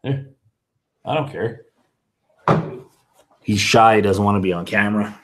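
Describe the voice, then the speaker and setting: A man's voice: on the low side, a little slow, slight background noise. A man, chatting casually on his whisky vlog and answering viewer comments, rambling and often correcting himself. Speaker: whisky vlogger.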